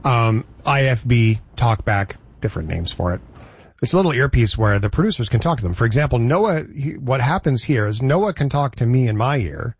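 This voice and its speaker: Chatty radio host, husky voice. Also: male voice, mid-range voice, expressive, muffled recording. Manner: chatty, playful, quick to laugh. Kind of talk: casual radio banter.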